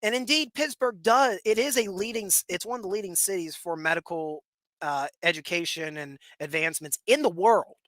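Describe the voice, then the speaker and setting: A young man with a Western Pennsylvania accent talks through a solo commentary in a high, bright, forward voice. He rambles, restarts and repeats words, now and then chuckling. The sound is close and dry, with no room around it. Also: a little fast, no room sound. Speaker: podcast host.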